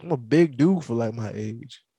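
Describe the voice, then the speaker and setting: A man from the American South hosts a podcast, telling stories animatedly in a casual chat, stumbling into restarts and laughing. His mid-range voice is husky, at normal speed, with no room sound.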